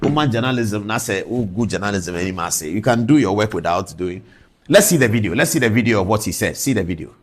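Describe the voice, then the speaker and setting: A man's voice: on the low side, animated, fast. A man with a Ghanaian accent giving passionate commentary as a lawyer, lecturing through strings of rhetorical questions. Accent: Ghanaian English.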